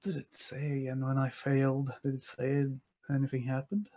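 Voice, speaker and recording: A man's voice: mid-range voice, completely flat delivery, normal speed, dark tone. A man playing a tabletop game, muttering while he checks and reports his rolls. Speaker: player. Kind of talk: tabletop role-play, reporting dice rolls.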